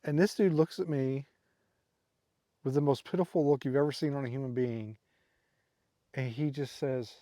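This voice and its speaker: Speaking outdoors at a campsite, a middle-aged male vlogger rambles through casual stories, heavy on fillers and laughing at his own tales, though he's tired from a sleepless night. His mid-range, mellow voice moves at a normal speed with frequent pauses. The recording is dry and studio-quality.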